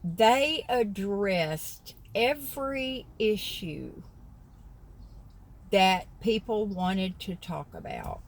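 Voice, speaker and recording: A woman's voice: medium pitch, lively intonation, very slow. A woman in her sixties with a Southern US accent, chatting folksily to her viewers in a casual vlog. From American South. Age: 60s. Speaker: vlogger. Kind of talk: casual chat to camera.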